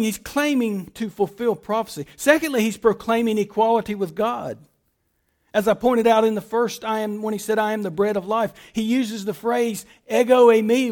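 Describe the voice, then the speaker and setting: A man with a high voice delivers a sermon. His emphasis is strong, rising on key words and falling to slow, hushed stretches. He speaks directly to his listeners, sometimes by name. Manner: emphatic, swings between loud stresses and quiet drawn-out phrases. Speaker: preacher.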